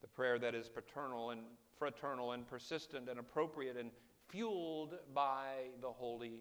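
A man preaching a sermon as pastor, swinging between hushed, quiet passages and loud, impassioned ones. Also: mid-range voice, normal speed, hardly any pauses.

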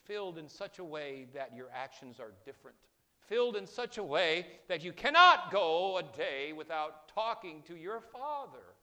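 A man preaching a sermon as pastor, swinging between hushed, quiet passages and loud, impassioned ones. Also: medium pitch.

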